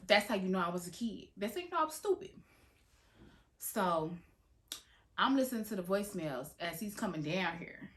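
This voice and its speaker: A woman's voice: medium pitch, normal speed, pauses often. A woman telling a dramatic story from her own past in a casual storytime style, full of swearing and big reactions. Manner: animated, dramatic, heavy swearing. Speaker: storytime vlogger.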